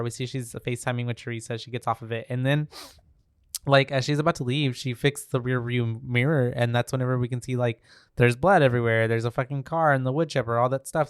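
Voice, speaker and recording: A man's voice: mid-range voice, smooth, no echo, clean studio sound. A man co-hosting a podcast, recapping a film in loose casual chat, swearing freely and filling gaps with "um" and "like".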